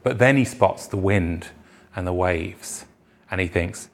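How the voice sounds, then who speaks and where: A male pastor preaching in church in a plain, conversational way. He slips into character for the quoted voices in his stories, then returns to an even, everyday tone. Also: low voice, a little slow, gravelly. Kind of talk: sermon.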